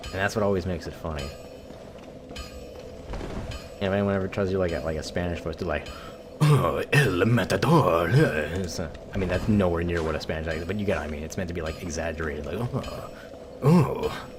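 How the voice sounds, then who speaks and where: A man's voice: sits low, fairly even intonation, racing, few pauses. A young American man casually commentating his gameplay, rambling and swearing freely. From United States. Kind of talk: casual let's-play commentary. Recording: game music playing clearly behind.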